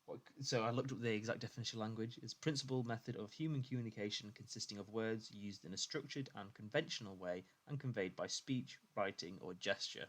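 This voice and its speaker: A man's voice: lowish voice, a little fast, hardly any pauses. A man co-hosting a casual podcast, reading out facts in a conversational way with "you know" fillers. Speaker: podcast co-host. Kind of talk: casual chat.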